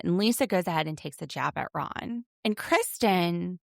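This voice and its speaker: A woman's voice: on the low side, moderate pace, vocal fry, fairly bright tone, no room sound, clean studio sound. A woman co-hosting a podcast, casually recapping a reality show and retelling scenes in detail. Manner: analytical, retells scenes with quoted asides. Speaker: podcast co-host.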